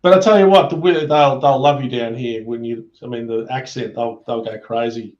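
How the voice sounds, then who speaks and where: A man's voice: medium pitch, fairly even intonation, moderate pace, darkish tone, echoey room, dull audio. A man from Australia with an Australian accent, chatting casually and teasingly on a video call, often calling people dude. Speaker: participant in an online hangout. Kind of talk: casual chat.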